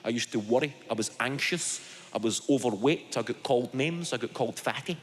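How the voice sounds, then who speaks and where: A man in his thirties from Scotland, speaking in a Glaswegian accent at medium pitch, does a sweary stand-up routine for a live theatre audience. There's a little hiss or hum on the recording, and his storytelling and quick asides draw loud laughter in the echoey hall.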